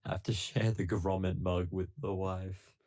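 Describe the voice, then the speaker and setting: A man's voice: low voice, level tone, unhurried, a little mellow. Male podcast co-host, goofy provocative joker, talking over voice chat from home. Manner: provocative, laughing jokes. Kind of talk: casual chat. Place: home, remote call. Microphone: computer mic over voice chat.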